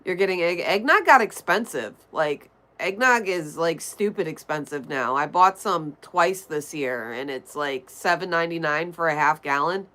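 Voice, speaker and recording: Nasal, low-voiced woman streamer. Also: pushed and bright. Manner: chatty, reads and answers viewer messages aloud. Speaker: livestream host. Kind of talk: casual livestream chat, reading chat.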